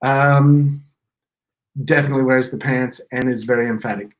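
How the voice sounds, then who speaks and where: A man's voice: medium pitch, fairly even intonation, normal speed, poor audio. A man co-hosting a giveaway livestream, joking and playful in casual chat. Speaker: co-host.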